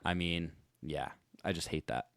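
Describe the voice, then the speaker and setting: Deep-voiced playful man on a podcast. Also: measured pace, gravelly, a bit bright, clear, resonant tone, no room sound, clean studio sound. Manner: playful, laughs easily, earnest asides. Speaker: podcast co-host. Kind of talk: casual chat.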